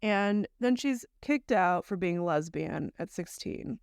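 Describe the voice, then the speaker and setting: This woman's mid-range voice is clear and resonant, with lively intonation and vocal fry, recorded at studio quality with no echo. Co-hosting a podcast at a slow pace, she recounts a story in long chatty chains, speaking bluntly and swearing mildly.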